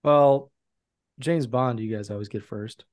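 A man's voice: mid-range voice, unhurried, a little mellow, dry recording. An American man with a mid-range voice, teasing his guests and arguing his point in casual podcast chat. The sound is dry and close. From United States. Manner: teasing, argumentative. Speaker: podcast host.

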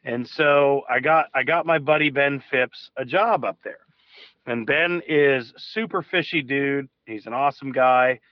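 A man's voice: mid-range voice, a little slow, no echo. A man, a fishing guide calling in to a show, telling a long story in a loose, casual way with restarts and the odd swear word. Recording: dull lo-fi call audio.

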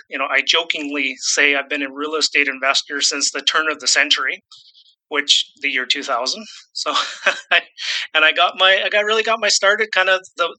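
A man's voice: a little high, sharp tone, low-quality recording. A Canadian man in his fifties, a real estate investor speaking as an interview guest, rambling and self-deprecating, often repeating his words. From Saskatchewan, Canada. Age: 50s. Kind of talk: casual interview conversation.

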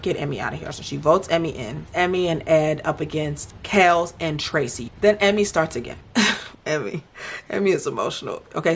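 Lively woman doing a show recap, lowish voice, bit of hiss behind her, keeps talking to y'all. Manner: animated, acts out quotes in put-on voices; uses slangy asides to viewers. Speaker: reality show recap vlogger. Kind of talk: excited casual recap.

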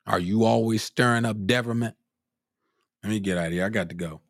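A man's voice: fairly low pitch, a little fast, no room sound, clean studio sound. A man preaching a sermon, quoting scripture in old wording and punctuating his points with "hmm?" and "huh?", his voice climbing into cries of glory.

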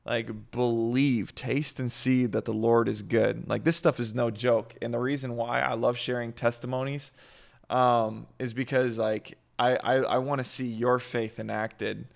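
A man's voice: medium pitch, flat delivery, normal speed, gravelly. A man hosting a casual faith talk, rambling and earnest with lots of fillers.

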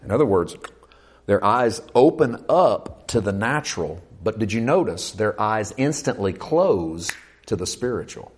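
A man preaches an animated sermon, swinging from loud, urgent passages to hushed ones, acting out quoted voices, and putting questions to the congregation. His voice is lowish with a breathy edge, and his pace is measured.

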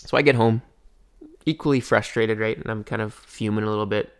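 A young man chats to his viewers in a loose, wandering way, piling on fillers as he tells his story. His voice sits a touch low and carries a gravelly fry. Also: steady tone, a little fast. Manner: rambling, filler-heavy, keeps saying "anyways". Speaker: vlogger.

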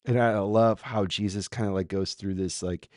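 A man's voice: lowish voice, steady tone, moderate pace, darkish tone, dry recording, clean studio sound. A man from Minnesota preaching a casual sermon, chatty, with lots of fillers and restarts. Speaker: pastor.

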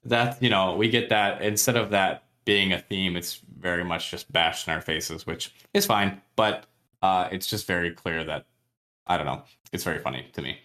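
A man with a fairly low voice talks casually on his podcast, recapping a novel for a friend. He laughs often and slips into quick impressions of the characters as he retells their conversations. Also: pushed and bright. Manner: chatty, laughs often, acts out characters' lines. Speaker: podcast co-host. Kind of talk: casual book recap chat.

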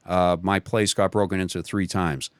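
A guest with a deep voice and flat delivery tells a personal story in casual conversation at normal speed, rambling, restarting and correcting himself, and chuckling along the way. The sound is dry and studio-clean.

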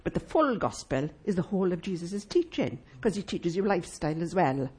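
A woman preaching a sermon in church, emphatic and lively, asking the congregation rhetorical questions. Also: fairly low pitch, brisk.

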